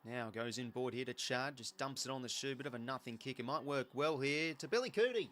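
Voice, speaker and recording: Excitable Australian man calling footy. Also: mid-range voice, brisk. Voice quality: excitable, chatty play-by-play. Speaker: host. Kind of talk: live watch-along commentary.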